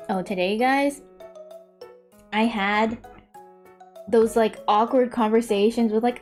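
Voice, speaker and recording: A woman in her twenties chatting casually while drawing on stream, telling stories with frequent laughter and high-pitched impressions of relatives. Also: fairly even intonation, takes it slowly, long pauses, darkish tone, soft background music. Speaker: vtuber streamer.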